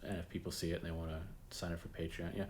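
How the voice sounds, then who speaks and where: A man's voice: low-pitched, flat delivery, rapid-fire, a little mellow, slight background noise. A man hosting a late-night stream, chatting casually in a rambling way, often repeating his words and laughing at his own jokes. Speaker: host.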